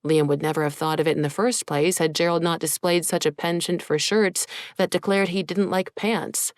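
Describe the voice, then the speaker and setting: Woman audiobook narrator, low measured voice, dry close recording. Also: steady tone, no room sound. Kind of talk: scripted narration.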